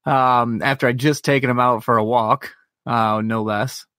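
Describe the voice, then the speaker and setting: A man's voice: medium pitch, steady tone, measured pace, a bit bright, no room sound, clean studio sound. Profane man telling a rambling story. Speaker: podcast co-host. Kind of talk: casual podcast chat.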